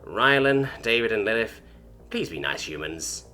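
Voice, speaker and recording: A man's voice: on the low side, big pitch swings, moderate pace, bright, forceful tone, soft background music. A man voicing an anxious young male alien student with antennae, fretful and weary.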